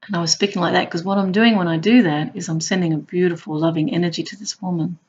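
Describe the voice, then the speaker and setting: A woman who works as a hospital clown tells her stories playfully, now and then jumping into high squeals. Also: fairly even intonation, a little fast, muffled recording. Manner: warm, playful, bursts into high squeals when acting out clowning. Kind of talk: personal storytelling.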